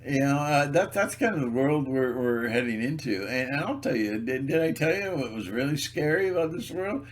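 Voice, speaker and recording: This video blogger's voice is mid-range with lively intonation as he rambles alone on camera, sarcastic and mocking. He laughs at his own jokes and talks haltingly, repeating words and starting sentences over.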